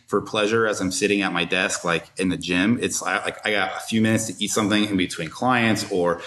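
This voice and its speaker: A man's voice: sits low, brisk, reverberant, a little hiss or hum. A man, a strength coach, talking casually and practically as an interview guest. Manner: relaxed, practical, many fillers.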